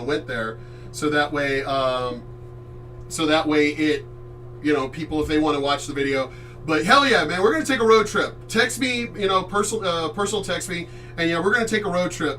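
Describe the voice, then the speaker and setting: Lively high-voiced man telling stories. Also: recorded from a distance. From Chesapeake Bay area, US. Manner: animated, loud, swears freely, acts out voices. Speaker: streamer host. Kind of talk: casual storytelling.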